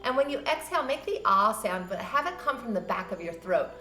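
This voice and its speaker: A woman teaching a yoga class, guiding breathing and stretches in a gentle, encouraging, loosely conversational way. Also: fairly high pitch, animated, fairly quick. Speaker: yoga instructor. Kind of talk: guided yoga class instruction. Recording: roomy with soft music behind.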